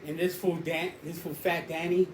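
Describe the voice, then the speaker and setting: Guy rambling thru a street story, kinda high voice, echoey room w faint hiss. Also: flat delivery, moderate pace. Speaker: storyteller guest. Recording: roomy echo, faint background noise.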